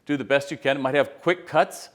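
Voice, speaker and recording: A man's voice: medium pitch, fairly even intonation, a little fast. A middle-aged man giving casual, conversational retail business advice straight to camera and acting out quotes as he tells stories. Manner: conversational storyteller, acts out quotes. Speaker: retail consultant.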